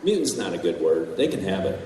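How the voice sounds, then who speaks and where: A man on a convention panel telling animated stories, swearing and laughing as he goes. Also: sits low, brisk. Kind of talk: storytelling on a panel. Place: large convention hall. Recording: echoey hall, far from mic, faint ambience.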